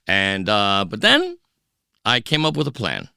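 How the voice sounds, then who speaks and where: A middle-aged man, a DJ guest on a podcast, telling stories in a casual, animated way and acting out the voices of the people in them. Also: on the low side, unhurried, creaky, smooth, dry recording, studio quality. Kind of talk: casual storytelling interview.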